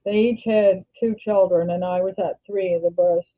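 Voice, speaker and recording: An older Canadian woman hosting a casual livestream, talking in a rambling, halting way and often restarting her sentences. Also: medium pitch, steady tone. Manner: rambling, halting, self-correcting. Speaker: livestream host. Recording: tinny phone-like sound.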